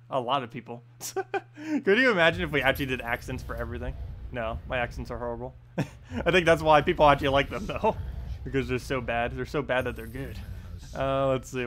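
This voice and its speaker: Here the same kind of streamer talks at a brisk clip in a medium-pitched, fairly bright voice. He's a young man from the United States with a New Jersey accent, loosely narrating his gameplay, stumbling over plenty of ums and uhs and laughing at his own remarks.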